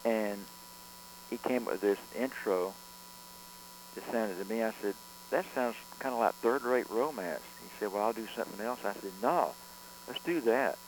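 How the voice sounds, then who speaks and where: A man, a record producer, telling studio stories in a relaxed interview, rambling with frequent restarts and fillers. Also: on the low side, moderate pace, a little hiss or hum, rough recording. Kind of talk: conversational storytelling interview.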